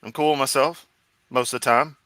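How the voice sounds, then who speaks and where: A man from Memphis with a Southern accent, riffing sarcastically and goofily on a livestream. His voice is bright and forceful, and the recording is dry and close to the mic. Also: mid-range voice, steady tone, a little fast, no room sound. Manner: sarcastic, goofy, profane. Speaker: streamer host. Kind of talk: casual livestream commentary.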